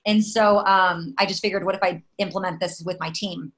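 A woman in her thirties, a network marketing team leader, talking in an animated, emphatic, chatty way with lots of fillers. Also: lowish voice, normal speed, poor audio. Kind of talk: casual talk.

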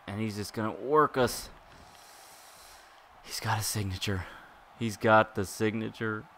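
A man giving excitable live commentary while playing a wrestling video game, groaning and exclaiming at each turn. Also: lowish voice, slight background noise. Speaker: gaming YouTuber.

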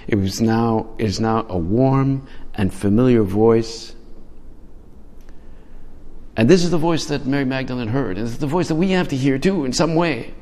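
A man's voice: mid-range voice, moderate pace, a little mellow, in a large hall. A male priest giving a conversational, reflective homily, often restarting his phrases.

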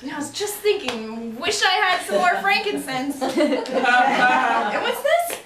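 A woman's voice: high-pitched, very animated, takes it slowly, very noisy, full character voice. A woman comedian playing a sassy, crude young Mary in a live one-woman sketch, talking in a brash, giggly, exaggerated way. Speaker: stand-up comedian. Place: stage before a live audience. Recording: distant roomy live stage with audience laughter.

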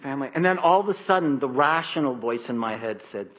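A man who is a psychiatrist, telling a story to an audience in an animated, emphatic way and acting out the voices he quotes. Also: medium pitch, a little fast, hardly any pauses, rough recording.

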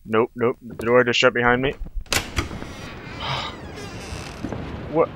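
A young man commentating his own horror game playthrough, muttering nervously while exploring and yelling in panic when chased. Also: medium pitch, steady tone, slow, dull audio, background noise. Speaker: gaming channel host.

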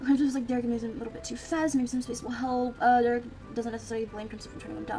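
A woman's voice: a little high, flat delivery, fast talker, few pauses, music in the background, poor audio. A young woman casually commenting on her life-sim gameplay, chatty and reacting aloud as she plays, with lots of fillers. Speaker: Sims gameplay streamer.

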